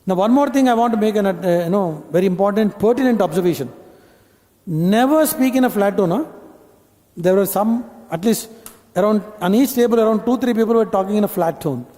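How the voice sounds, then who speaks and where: A man's voice: high voice, a little fast, mellow. Indian man training a hall audience. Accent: Indian English. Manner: instructive, addresses the audience with questions. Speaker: corporate trainer. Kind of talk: live training session. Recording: long hall reverb.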